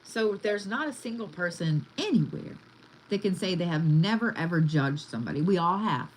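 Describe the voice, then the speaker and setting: Blunt, animated woman reading cards. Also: fairly low pitch, normal speed, a little hiss or hum, low-quality recording. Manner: blunt, chatty, swears freely. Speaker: tarot reader. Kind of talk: casual one-on-one card reading.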